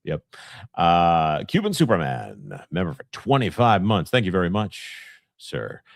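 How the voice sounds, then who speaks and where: A man's voice: deep voice, wildly swooping pitch, unhurried, vocal fry, dry recording, studio quality. A man co-hosting a casual live stream, rambling and joking between bits. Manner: joking, rambling, slips into impressions. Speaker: co-host.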